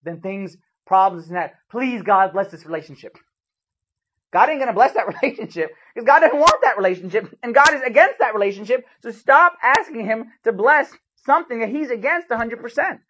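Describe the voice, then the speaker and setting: A man preaching a sermon, telling stories with lively bursts of loudness and sudden drops. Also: very high voice, brisk, hardly any pauses, breathy edge, lo-fi sound. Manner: animated storytelling with sharp swings in loudness.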